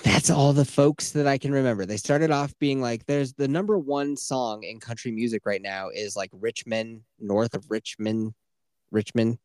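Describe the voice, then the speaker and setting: A man talking politics on a podcast in a loose, profane, rambling way. He keeps acting out what other people said in quick quotes. His pitch sits in the middle range, and his voice is recorded close on a dry mic. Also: a little mellow, no room sound. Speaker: podcast co-host. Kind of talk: casual political chat.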